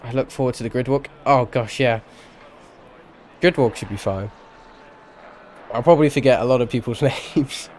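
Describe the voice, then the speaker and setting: A man's voice: mid-range voice, normal speed, long pauses, darkish tone, slight background noise. A man giving live-streamed sim racing commentary, chatty and rambling, with self-deprecating asides and a tired edge.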